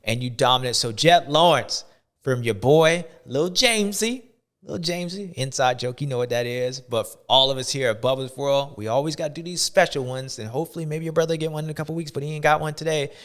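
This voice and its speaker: A man's voice: mid-range voice, fast talker, fairly bright tone, smooth. A man hosting a show, giving playful, slangy, rambling sports commentary. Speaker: show host.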